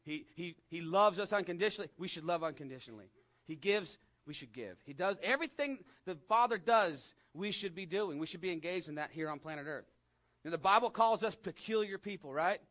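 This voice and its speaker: A man with a West Texas drawl delivers a sermon in a talky, conversational way. His voice sits a little high for a man. He swings from emphatic peaks down to hushed asides. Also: expressive, fairly quick. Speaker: pastor.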